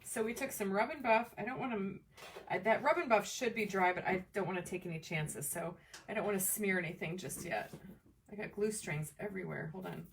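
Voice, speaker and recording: A woman hosting a live crafting demo from home, chatting with viewers by name in an excitable, chatty way. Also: medium pitch, brisk, recorded from a distance, a little hiss or hum. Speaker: crafting livestream host. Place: home craft table, camera on tripod.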